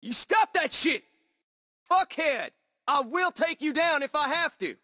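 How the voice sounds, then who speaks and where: A man's voice: mid-range voice, a little slow, vocal fry, sharp tone, no room sound, clean studio sound, in a large hall, heavily acted. A man voicing a hostile guard in a video game, threatening an intruder. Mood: furious. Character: aggressive male guard shouting at an intruder.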